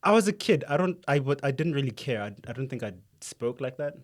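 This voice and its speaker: A South African man co-hosting a podcast, giving his views in a quick, animated way. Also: medium pitch. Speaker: podcast co-host. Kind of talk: casual chat.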